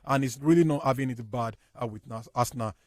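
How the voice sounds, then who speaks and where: A man's voice: medium pitch, fast, darkish tone, dry recording. A man on a radio sports panel who keeps saying "you know" while he argues his point. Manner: filler-heavy, leans on "you know". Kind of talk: casual sports talk.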